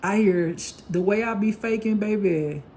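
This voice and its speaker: A mellow, warm voice delivers a casual spiritual tarot reading with plenty of bluntness and swearing. The reader laughs easily and slips in quick acted-out snippets of other people's talk. A faint hum of noise sits behind the voice. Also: mid-range voice. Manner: blunt, profane and laughing, acting out gossip.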